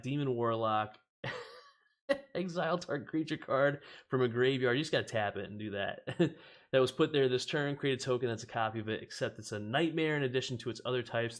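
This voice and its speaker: A man hosts a casual card-opening stream, chatting while he opens packs, laughing often and reading cards and viewer comments out loud. His voice is medium in pitch and his delivery is brisk.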